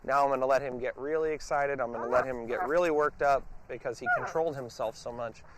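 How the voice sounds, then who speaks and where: A man's voice: mid-range voice, fast talker, background noise. A man working as a dog trainer, explaining his method during a hands-on session and breaking off to give the dog short, firm commands.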